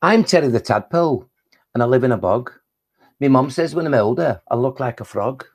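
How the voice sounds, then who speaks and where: A cheeky little tadpole boy with a Liverpool accent rattles on about life in his pond, as a man puts him on. The voice has a gravelly edge and a chatty, boastful swing. It sounds like a storybook creature brought to life by a poet. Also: mid-range voice, animated, fairly quick. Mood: proud.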